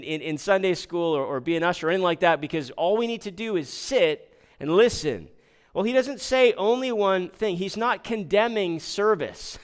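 A man with a smooth voice on the high side preaches as a pastor. His sermon is conversational, full of rhetorical questions to the congregation and frequent restarts.

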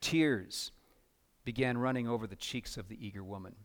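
A man preaching a sermon as pastor, earnest, building to loud emphatic passages. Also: mid-range voice, moderate pace.

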